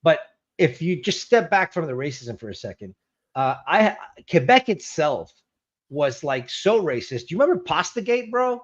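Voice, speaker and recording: A man with a slightly high voice cracks jokes and laughs a lot in loose banter, often tripping over his own words. His sound comes through a dull, muffled lo-fi call line. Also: very animated, moderate pace. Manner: joking, laughs often, stammers and restarts. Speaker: guest co-host. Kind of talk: casual banter.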